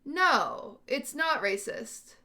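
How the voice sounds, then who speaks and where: Woman streamer, casual chat to viewers, slightly high and bright voice, thinking out loud. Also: sing-song, extremely slow. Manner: thinking aloud, questioning, unsure. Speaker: livestream host.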